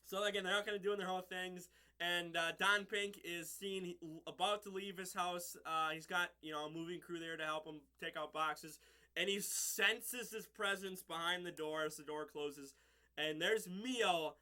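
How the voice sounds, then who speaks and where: Male show reviewer, high voice, very bright and sharp tone, rambling chat, laughs a lot. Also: fairly even intonation, moderate pace. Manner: rambling, many fillers, laughs often. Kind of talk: casual solo review.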